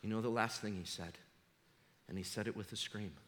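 A man's voice: on the low side, normal speed, fairly bright tone. A man preaching a sermon as a pastor, fervent and emphatic. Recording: long hall reverb.

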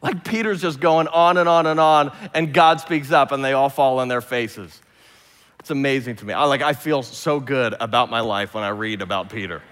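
A man preaching a sermon, retelling scripture with lively, humorous storytelling. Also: medium pitch, normal speed, big-room sound. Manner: animated storytelling, imagines scenes aloud with humor. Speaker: pastor.

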